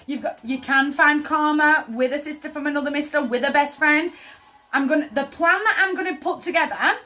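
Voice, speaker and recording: A woman's voice: sits high, brisk, pushed and bright. A woman giving a casual tarot reading, chatty and emphatic, often checking in with her listener. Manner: chatty, emphatic, often asks "does that make sense?". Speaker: tarot reader.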